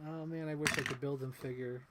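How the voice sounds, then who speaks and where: A man's voice: medium pitch, steady tone, fairly quick, background noise. A man chatting casually while unboxing toys on a livestream, tired and laughing, swearing now and then. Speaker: toy collector streamer.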